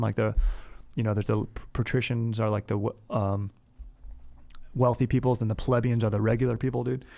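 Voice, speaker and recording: A man's voice: mid-range voice, vocal fry, darkish tone. A young man hosting a comedy podcast, rambling in surfer-bro slang that is full of "dude" and restarts. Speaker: podcast host. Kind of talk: comedic bro-character monologue.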